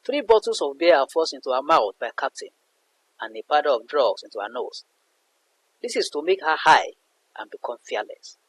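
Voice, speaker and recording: A man's voice: fairly high pitch, breathy edge, low-quality recording. A man teaching a literature lesson in an emphatic way, repeating points for his students. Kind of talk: explanatory lesson narration.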